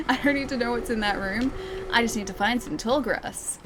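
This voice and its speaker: A woman's voice: a little high, moderate pace, noisy background. A young Australian woman streaming a game, chatting and giggling to her chat as she plays. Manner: chatty, giggly, talks to chat while playing. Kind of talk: let's play commentary.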